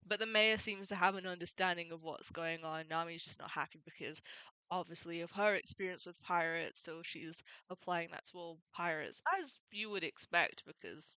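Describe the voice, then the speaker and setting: A woman's voice: fairly low pitch, normal speed, sharp tone, clean tone, no room sound, rough recording. A woman retelling a comic story in a casual, chatty way, adding opinionated and fond asides. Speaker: manga recap YouTuber.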